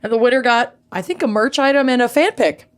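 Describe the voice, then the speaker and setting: A woman co-hosting a podcast, relaxed and agreeable, often chiming in. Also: on the high side, brisk. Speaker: podcast co-host. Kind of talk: casual chat.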